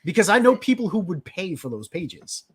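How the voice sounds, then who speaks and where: A man co-hosting a casual livestream chat, animated and swearing, swinging between loud asides and mumbled trailing lines. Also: high voice, normal speed. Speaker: livestream co-host.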